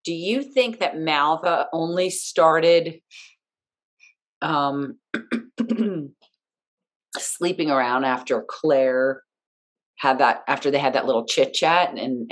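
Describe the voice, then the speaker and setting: A woman's voice: extremely low pitch, slow pace, long pauses. A woman co-hosting a casual podcast, talking animatedly and indignantly and acting out her own reactions. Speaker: podcast co-host recapping a TV episode. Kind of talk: casual chat.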